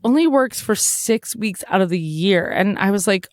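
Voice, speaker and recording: A man's voice: high-pitched, expressive, moderate pace, no room sound. A man co-hosting a podcast in casual chat, rambling with lots of fillers and laughing often. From Massachusetts. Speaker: podcast co-host.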